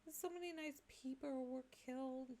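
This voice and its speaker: A woman's voice: sits high, normal speed, warm tone. A woman doing a sobbing young sprite girl. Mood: weepy, distraught. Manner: sobbing, wailing boo-hoos. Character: weepy young girl sprite, half dog, grieving.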